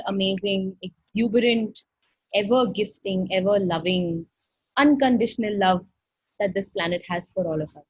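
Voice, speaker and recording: A woman's voice: mid-range voice, breathy edge, no echo. A woman facilitator giving an effusive, earnest online workshop talk over a video call, often acting out little dialogues. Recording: dull dry video-call audio.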